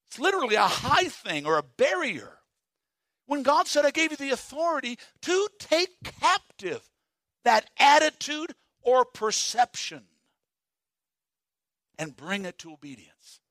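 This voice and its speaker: A man preaching a sermon as pastor, animated and folksy, swinging from loud emphasis to hushed asides and telling homespun stories. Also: extremely high pitch, dry recording, clean studio sound. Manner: folksy storytelling with humor.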